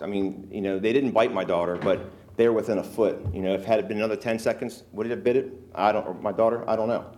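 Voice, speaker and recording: A local resident gives earnest, emotional testimony at a public hearing, halting often and using fillers. His voice sits low and is a little mellow.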